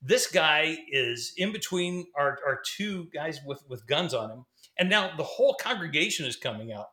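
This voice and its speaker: A man's voice: fairly high pitch, lively intonation, normal speed, bright, forceful tone. A middle-aged man, a former pastor, telling a story casually, rambling with fillers and restarts. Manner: rambling, fillers and restarts, laughs between sentences. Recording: roomy echo.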